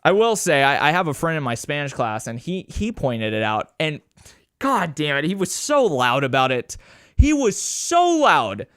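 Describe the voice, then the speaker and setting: A man's voice: on the high side, normal speed, clear, resonant tone, dry recording, clean studio sound. A young man hosting a podcast alone, rambling casually, swearing and poking fun at himself. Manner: rambling, swearing, self-mocking; animated, mimics people with a raised voice. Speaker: podcast host. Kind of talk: casual solo podcast chat.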